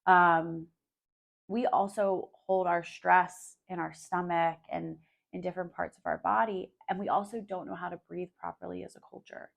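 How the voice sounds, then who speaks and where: A woman's voice: fairly low pitch, fairly even intonation, normal speed, vocal fry. A woman hosting her own podcast, talking casually and candidly straight to her listeners, swearing freely and filling her talk with "like" and "um". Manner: coaching, speaks directly to listeners. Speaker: podcast host. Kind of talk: casual solo podcast monologue.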